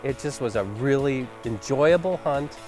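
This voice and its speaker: A man's voice: mid-range voice, expressive, measured pace, music in the background. A man hosting a hunting show, looking back on the hunt in conversational commentary, enthusiastic and full of "you know"s. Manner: enthusiastic, conversational, filler-heavy. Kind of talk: reflective interview-style commentary.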